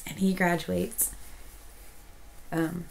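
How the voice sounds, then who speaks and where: A woman's voice: lowish voice, level tone, very slow, vocal fry, slight background noise, poor audio. A woman, chatting casually as a crochet vlogger, rambling with many restarts and turning emotional. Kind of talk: casual chat.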